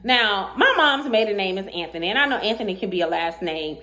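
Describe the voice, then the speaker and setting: Woman, vlogger, casual storytime, high voice, swooping animated delivery, sassy, frequent laughter. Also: fast talker, few pauses, soft background music. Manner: animated and sassy, acts out both sides of the chat; laughs often while telling. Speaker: vlogger telling a dating story.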